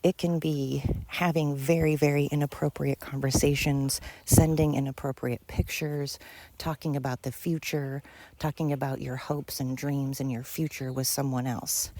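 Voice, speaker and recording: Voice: medium pitch, dark tone, no room sound. A podcast host telling a friend's story in a casual monologue, emphatic and repetitive, swearing freely.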